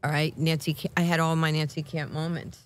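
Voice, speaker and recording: A woman in her sixties with a New York accent tells stories with a lot of energy, slipping into quick voices for the people in them. Her voice sits a little low for a woman, and she breaks into laughter often. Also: flat delivery. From Brooklyn, New York. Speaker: guest. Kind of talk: animated storytelling.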